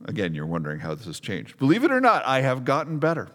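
A man in his forties preaching from the pulpit, his voice trailing off into the long echo of a large hall. He tells stories with self-mocking humor and acts out the people in them. His pitch sits in the middle range for a man. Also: wildly swooping pitch, fast, a bit bright. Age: 40s. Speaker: pastor. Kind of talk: sermon.

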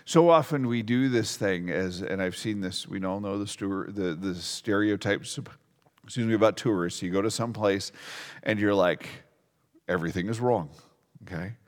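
A man preaching a sermon as a pastor, talking in a lively, conversational way and asking the congregation questions. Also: on the low side, normal speed. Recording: long reverb of a large hall.

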